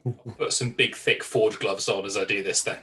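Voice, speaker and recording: A man's voice: fairly low pitch, fairly even intonation, moderate pace, sharp tone. A man playing a tabletop game in casual, blunt chat. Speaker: player. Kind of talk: tabletop role-play chat. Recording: distant mic with faint music.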